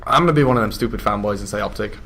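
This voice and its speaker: A man's voice: fairly low pitch, rapid-fire, gravelly, a bit bright, a little hiss or hum. A young man chatting casually as a guest, a little shy. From England. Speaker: interviewee. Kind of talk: casual chat.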